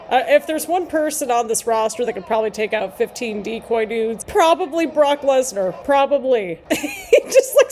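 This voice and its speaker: Chatty high-voiced woman reaction host. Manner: chatty, animated, laughs often. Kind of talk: casual live reaction commentary.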